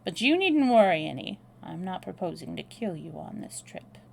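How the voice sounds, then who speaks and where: Storybook tough guy: woman reading a cool, drawling American man with a gravelly edge. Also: lowish voice, very animated, moderate pace, exaggerated voice. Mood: menacing. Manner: drawling, dry and threatening. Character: brash, blunt young American man, cool under pressure. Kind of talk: read-aloud novel dialogue.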